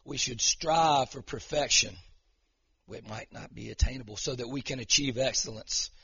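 Man, pastor, fervent emotional sermon, husky voice, muffled lo-fi sound. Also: mid-range voice, moderate pace, pushed and bright. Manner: emotional, fervent preaching that swells into declarations.

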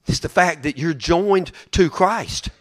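A man's voice: fairly high pitch, takes it slowly. A man preaching a sermon in a folksy, emphatic way, often repeating his words.

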